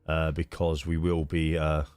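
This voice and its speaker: A man's voice: very deep voice, monotone, a little slow, darkish tone, clear, resonant tone, no echo, faint music behind. A man hosting a live stream of a racing league, chatting casually and greeting viewers by name with lots of fillers.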